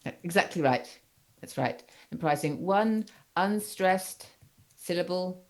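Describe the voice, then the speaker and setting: Low-voiced woman teaching a seminar. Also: darkish tone. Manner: halting, many fillers, checks understanding. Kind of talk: university seminar lecture.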